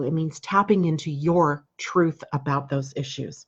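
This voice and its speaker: A woman's voice: sits low, a little slow, breathy edge. Chatty American woman astrologer, lo-fi sound. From United States. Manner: chatty, conversational, asks rhetorical questions. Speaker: astrologer and show host. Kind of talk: live daily astrology broadcast.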